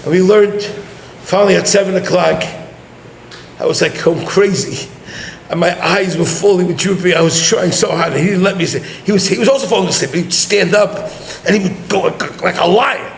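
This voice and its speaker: A rabbi telling a story in a sermon, animated and laughing as he talks, mixing in Yiddish and Hebrew words. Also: sits high, moderate pace, creaky. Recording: roomy echo with faint noise.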